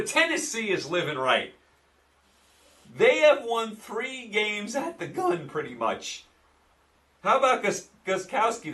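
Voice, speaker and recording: Man, New York accent, sports picks host, opinionated, repeats points, slightly high voice, a bit distant from the mic. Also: fairly bright tone. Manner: opinionated, repeats himself for emphasis. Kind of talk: casual sports betting commentary.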